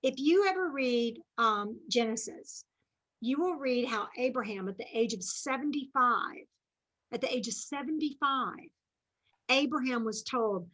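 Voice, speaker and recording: A woman's voice: on the high side, lively intonation, measured pace, fairly bright tone, rough recording. A woman giving an earnest, faith-based motivational talk to a sales team, chatty and full of asides.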